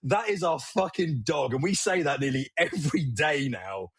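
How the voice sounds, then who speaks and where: A man co-hosting a podcast, chatting casually and telling lively, sweary stories that act out movie quotes. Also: on the high side, moderate pace, husky, no echo. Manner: animated, swearing storyteller who acts out movie quotes. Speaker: podcast co-host. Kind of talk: casual chat.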